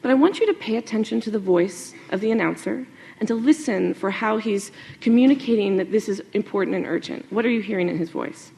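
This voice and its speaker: A woman journalist giving a lively talk to an audience, animated, with many fillers and asides. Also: medium pitch, brisk, vocal fry.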